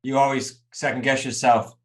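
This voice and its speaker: A man's voice: medium pitch, little pitch movement, moderate pace. A man coaching a group over a video call, talking emphatically and straight to his students. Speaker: real estate coach.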